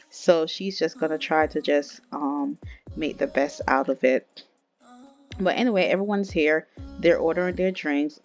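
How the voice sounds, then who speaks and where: Chatty woman narrating a game story. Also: low voice. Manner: chatty, casual, addresses viewers.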